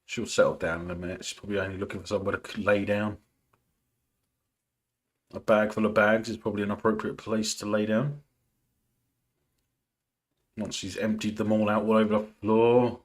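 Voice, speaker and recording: A man's voice: lowish voice, level tone, normal speed, long pauses. A man casually chatting and joking as he hosts a film watch party, laughing often. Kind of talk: casual live commentary while watching a film.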